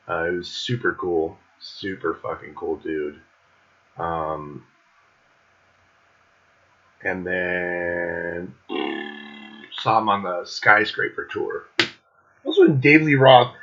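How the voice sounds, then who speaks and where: A man's voice: fairly low pitch, pushed and bright, husky, muffled recording. A middle-aged man hosting his own show, telling a rambling concert story with lots of swearing and laughter. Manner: profane, laughing, loose and rambling. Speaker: host.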